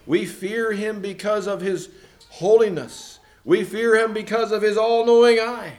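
A man preaching a sermon, possibly, retelling a Bible story in his own words with lively voiced characters. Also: sits high, a little slow. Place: church.

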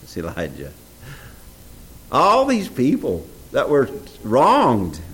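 A man's voice: medium pitch, takes it slowly, poor audio. A man preaching a sermon, reading scripture aloud and asking the audience questions. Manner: animated, reads scripture aloud in old English, asks the audience questions.

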